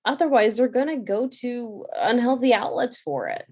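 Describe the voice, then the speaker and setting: Woman, podcast host, supportive, affirming, somewhat high voice. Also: lively intonation, normal speed, a little mellow, husky. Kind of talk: casual conversation.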